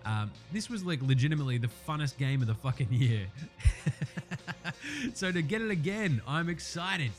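A man's voice: on the high side, expressive, moderate pace, faint music behind. Sweary man ranting about games. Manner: profane, fired-up, ranting. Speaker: sports podcast host. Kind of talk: casual game-picks commentary.

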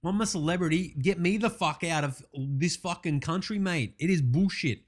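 Man playing a brash, foul-mouthed Australian sports bloke, high-pitched and sarcastic, comedy parody rant. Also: moderate pace, lightly acted. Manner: swears constantly, sarcastic, says mate a lot.

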